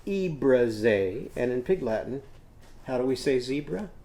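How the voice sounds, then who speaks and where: A man teaching a children's literacy lesson, patiently sounding out words slowly while he draws. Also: medium pitch, lively intonation, warm tone.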